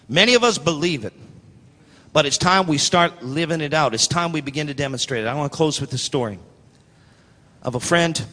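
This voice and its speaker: A man preaching a sermon as pastor, telling stories with energy and acting out the people in them, building up to shouts. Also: a little high, brisk, long reverb tail. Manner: animated storytelling, acting out quoted voices, building to shouts.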